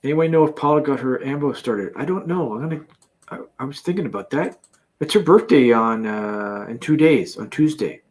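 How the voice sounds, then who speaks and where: A man's voice: mid-range voice, animated, moderate pace, a little mellow. Chatty Canadian man hosting a live chat. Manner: chatty, reads out viewer comments, laughs often. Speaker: livestream host. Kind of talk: casual live-chat banter. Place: in a campervan.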